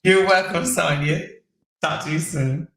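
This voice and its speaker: A woman's voice: low-pitched, unhurried, echoey room. A woman hosting a casual livestream, chatting and reading viewer comments aloud. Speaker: livestream host.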